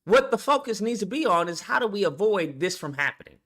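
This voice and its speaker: A man's voice: sits high, big pitch swings, a little fast, pushed and bright. A man vlogger ranting bluntly and profanely in a commentary video, full of rhetorical questions.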